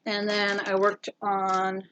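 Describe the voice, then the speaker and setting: A woman's voice: mid-range voice, completely flat delivery, slow, a bit bright, slight background noise. A woman co-hosting a casual show-and-tell chat, easygoing and rambling with plenty of fillers. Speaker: co-host.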